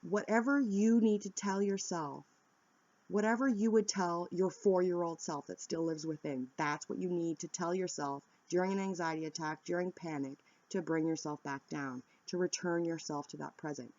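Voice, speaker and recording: A woman's voice: on the low side, moderate pace, darkish tone, no echo. Earnest woman coaching, muffled dry sound. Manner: earnest, coaching, direct and candid. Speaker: wellness vlogger. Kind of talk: instructional self-help talk.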